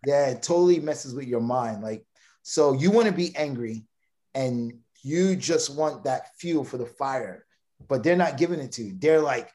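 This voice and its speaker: A man's voice: medium pitch, lively intonation, normal speed, mellow. A man in his thirties from Brooklyn, a podcast guest telling a long personal story in casual talk, with stammered restarts. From Brooklyn, New York. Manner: rambling, many restarts and stammered repeats.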